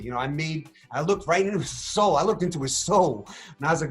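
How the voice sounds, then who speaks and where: A man in a casual interview, telling his story with animated energy, acting out what he said and thought. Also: a little high, fairly quick, soft background music. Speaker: reality show contestant interviewed.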